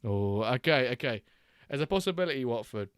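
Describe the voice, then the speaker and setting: A man's voice: medium pitch, lively intonation, a little fast, clean tone, no echo, studio quality. A man hosting a live watchalong stream, reading chat aloud and bantering with a jokey, laughing manner.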